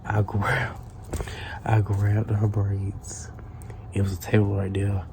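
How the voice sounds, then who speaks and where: Guy rambling thru a storytime, cussing a lot, low voice, noisy hiss behind. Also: completely flat delivery, slow pace, darkish tone. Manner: profane, rambling retelling with restarts. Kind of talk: casual storytime monologue.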